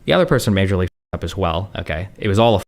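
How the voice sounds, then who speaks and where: A man's voice: low voice, lively intonation. A man in a casual, rambling monologue, answering chat questions and swearing freely, with constant fillers. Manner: rapid, profane, heavy on fillers like "like" and "um".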